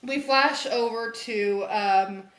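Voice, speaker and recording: A young woman podcast co-host recapping a comic in casual chat, animated and laughing as she acts out the characters' lines. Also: on the high side, slow pace. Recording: echoey room.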